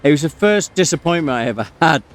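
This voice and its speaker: A man's voice: fairly high pitch, lively intonation, fast. A man telling a long personal story while he plays a game, rambling with plenty of fillers and breaking off to comment on what happens on screen. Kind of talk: casual storytelling over gameplay.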